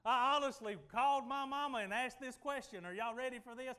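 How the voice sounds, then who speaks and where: A middle-aged man preaching a sermon, telling folksy stories and swinging from loud declarations to quiet asides. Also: very high voice, fairly quick, smooth.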